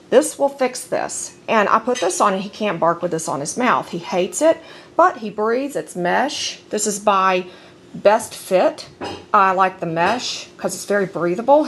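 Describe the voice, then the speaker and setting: A woman's voice: medium pitch, gravelly. A woman filming her dogs at home on a handheld camera, chatting in a rambling way between firm commands to them. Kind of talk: casual home video narration. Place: at home, indoors.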